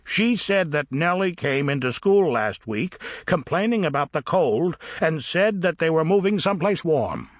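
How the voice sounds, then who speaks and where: A man's voice: fairly high pitch, big pitch swings, moderate pace, hardly any pauses, no room sound, clean studio sound, pitched above the performer's own voice. A man voicing a blunt, gossipy, uncouth middle-aged repairman in an audiobook who talks emphatically.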